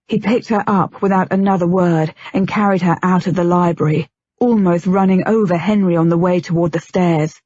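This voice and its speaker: A woman reading a novel aloud in a steady, measured way as an audiobook narrator. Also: on the low side, no room sound. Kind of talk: scripted narration. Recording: dull lo-fi, dry.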